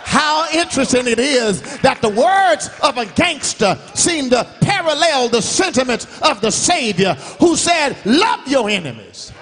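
High, lively preacher in a reverberant church. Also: male voice, a little slow, few pauses. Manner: emphatic preaching cadence, swinging between shouted and sung phrases. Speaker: guest revival preacher. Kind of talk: sermon. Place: church sanctuary. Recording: long church hall reverb.

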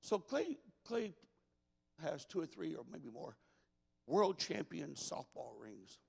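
A man preaching a folksy, emphatic sermon that builds to shouts in a large church. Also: a little high, sing-song, slow, vocal fry, husky, in a large hall. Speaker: pastor.

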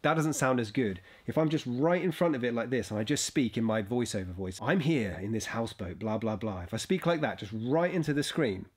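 A man's voice: mid-range voice, expressive, a little fast, hardly any pauses. A man giving a casual step-by-step tutorial while recording on a laptop's built-in microphone in a houseboat bedroom. He explains as he goes and keeps checking in with "okay?" and "right?". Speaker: video creator.

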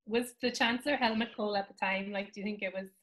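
An actress chatting playfully on a video call panel, giggling between remarks. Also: female voice, medium pitch, steady tone, fast, fairly bright tone, poor audio. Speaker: lead actress. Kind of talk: casual panel chat.

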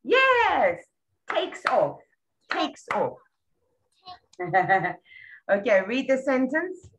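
A woman tutoring a young child one-on-one, patient and full of praise, repeating words slowly. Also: mid-range voice, very animated, low-quality recording. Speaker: English tutor.

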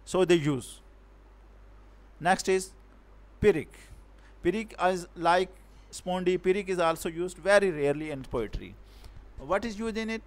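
A man lecturing on poetic meter, halting often and correcting himself, speaking English with non-native grammar. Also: high voice, animated. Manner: halting, repeats and self-corrects words. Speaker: teacher.

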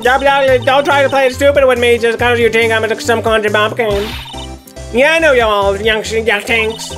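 A woman's voice: on the high side, fairly even intonation, normal speed, fairly bright tone, soft background music, close to an everyday voice. A woman voicing a brash, nosy country woman photographer with a put-on Southern US drawl, folksy and scolding, in a game playthrough. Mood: indignant. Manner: folksy, scolding, heavy twang.

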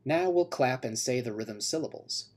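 A man teaching music theory in a scripted video lesson, explaining clearly and steadily and chanting rhythm syllables. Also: on the high side, lively intonation, moderate pace. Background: music playing.

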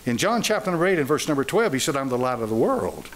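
A man preaching a sermon to a congregation, folksy and emphatic, with loud emphatic peaks. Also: medium pitch, big pitch swings, quick pace. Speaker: pastor.

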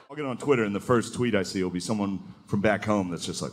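A man's voice: medium pitch, quick pace, few pauses. Crude stand-up man, noisy club. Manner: crude, deadpan storytelling with mocking put-on voices. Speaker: stand-up comedian. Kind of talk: stand-up comedy. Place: comedy club stage. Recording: live stage recording with audience noise. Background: audience laughter.

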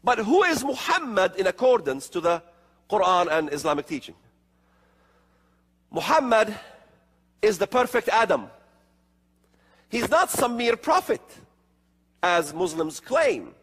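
Guy preaching prophecy stuff, husky voice, swings way up and down, big echoey hall. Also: high-pitched, big pitch swings, unhurried, pauses often, a bit bright. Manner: emphatic, rhetorical questions, sarcastic asides. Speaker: religious speaker. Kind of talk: emphatic prophecy lecture. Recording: long hall reverb.

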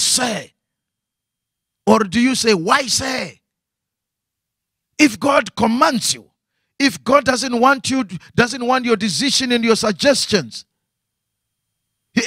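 Man, pastor, preaching, high voice, repeats phrases, asks the congregation questions. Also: lively intonation, normal speed, fairly bright tone, dry recording, clean studio sound. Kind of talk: sermon.

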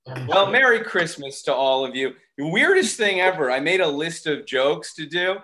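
A man's voice: fairly high pitch, animated, moderate pace, sharp tone. A man doing a self-deprecating, rambling stand-up set from his home over a video call, with chatty asides. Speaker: stand-up comedian.

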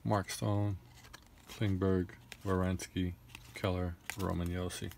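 A man's voice: low-pitched, flat delivery, takes it slowly, gravelly, background noise. A young man casually opening trading card packs, rattling off names and grumbling in frustration.

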